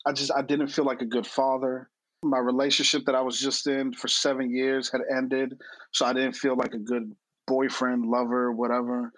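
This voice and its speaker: A man's voice: mid-range voice, a bit bright, no echo, low-quality recording. A man in his late thirties, a podcast guest telling personal stories candidly, earnest and blunt, often repeating words for emphasis. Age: late 30s.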